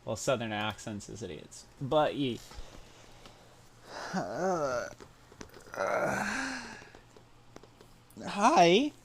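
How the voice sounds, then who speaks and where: Streamer, from pennsylvania, blunt earnest reaction chat, mid pitch. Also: big pitch swings, drawn-out words, long pauses, a little hiss or hum.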